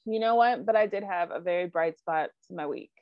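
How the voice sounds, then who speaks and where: An animated woman co-hosts a casual podcast and keeps drifting into asides. Her voice is recorded dry, with a dull, lo-fi tone. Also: on the low side, brisk, dry recording. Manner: animated, with frequent likes and asides. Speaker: podcast co-host. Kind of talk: casual chat.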